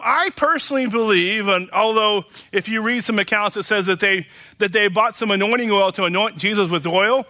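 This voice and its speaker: A man's voice: high-pitched, bright, forceful tone. A man from Oklahoma preaching a casual sermon, rambling and chatty with many fillers and restarts.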